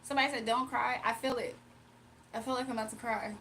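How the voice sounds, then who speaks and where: A young woman from Virginia hosting a casual livestream, reading comments aloud, emotional and quick to laugh. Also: fairly high pitch, steady tone, a bit bright, a little hiss or hum. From Virginia, USA. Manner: emotional, giggly, talks to chat. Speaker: livestream host.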